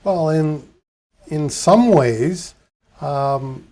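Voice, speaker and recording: Easygoing male podcast host, higher voice. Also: extremely slow, warm tone. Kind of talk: casual interview questions.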